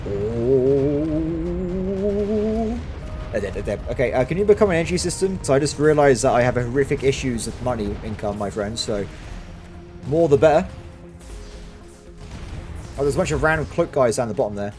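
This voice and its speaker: A man giving excitable game commentary, talking to himself and his viewers as he plays. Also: medium pitch, fairly quick, pauses often, soft background music. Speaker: gaming channel host.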